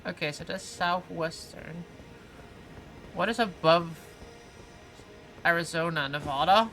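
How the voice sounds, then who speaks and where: This is casual live-stream chatter while gaming: a mid-range voice on a close desk mic, game music clearly audible behind it, and a rough recording. The pace is slow, the tone pushed and bright. Viewer messages get read out and answered in meandering sentences, with "like" everywhere and constant self-corrections and restarts.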